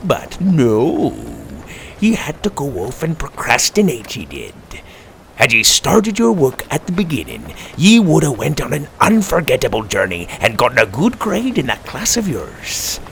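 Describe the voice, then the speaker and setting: A man voicing a gruff, scowling pirate captain in a storybook reading, scolding in a thick pirate dialect. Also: medium pitch, wildly swooping pitch, a little slow, a bit bright, slight background noise, pitched above the performer's own voice, full character voice. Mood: wistful scolding. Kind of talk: storybook narration.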